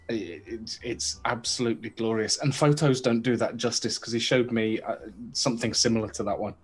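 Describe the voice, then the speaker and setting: A British man co-hosting a casual podcast chat, rambling with many restarts. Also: mid-range voice. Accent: British English. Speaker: podcast co-host.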